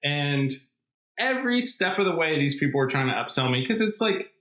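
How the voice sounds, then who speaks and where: A man with a bright, forceful voice trades dry, absurd jokes in loose podcast banter. He sounds like he is in an echoey room. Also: a little high, big pitch swings, brisk. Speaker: podcast co-host. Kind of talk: casual banter.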